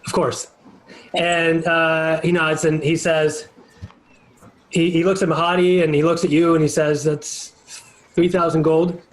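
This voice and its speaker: A man narrating as game master for a tabletop game, easygoing and quick to laugh. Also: on the high side, little pitch movement, low-quality recording.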